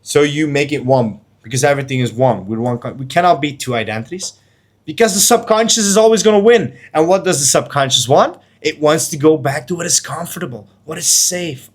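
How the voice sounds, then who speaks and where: A man's voice: fairly high pitch, a little fast, breathy edge. A man coaching to camera in an intense, preachy motivational monologue, blunt, with casual slang and swearing. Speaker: life and trading coach.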